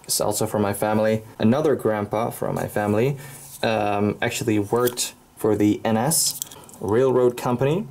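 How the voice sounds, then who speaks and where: A man's voice: lowish voice, steady tone, moderate pace, creaky, darkish tone. A Dutch man with a Dutch accent, hosting an enthusiastic show-and-tell tour of his collection room at home, pointing out items one by one. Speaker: collector and channel host.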